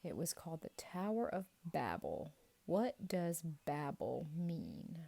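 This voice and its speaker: A woman's voice: low voice, gravelly. A woman leading a playful Bible quiz for children, drawing out each answer and cheering the kids on. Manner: playful, animated and encouraging, drawn-out answer reveals. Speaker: children's ministry teacher.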